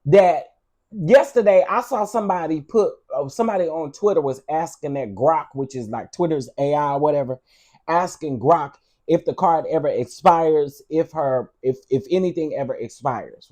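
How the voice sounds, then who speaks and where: A man with a high voice that swings widely up and down, ranting to his viewers in loose, unscripted commentary. He is sassy, blunt and freely profane, and he talks straight to the audience. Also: a little mellow. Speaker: vlog host. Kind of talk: casual commentary rant.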